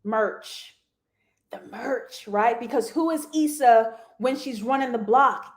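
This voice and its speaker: A woman's voice: on the high side, normal speed. A young woman hosting a live TV review show, chatting casually to viewers with slangy asides and frequent laughter.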